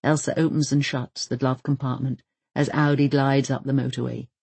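Husky-voiced audiobook narrator. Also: medium pitch, moderate pace, no echo. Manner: expressive storytelling delivery. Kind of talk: scripted narration.

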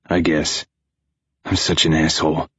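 A man's voice: flat delivery, unhurried, a bit bright, slightly rough, highs cut off, full character voice. A man doing a grumpy, mumbling young man. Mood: upset. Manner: slurred, low and mumbling.

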